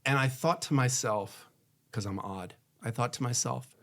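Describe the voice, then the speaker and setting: A man, a divorce attorney, giving candid marriage advice in a conversational way. He acts out both spouses' lines, and he goes soft and hushed when he shares a personal story. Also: medium pitch, moderate pace.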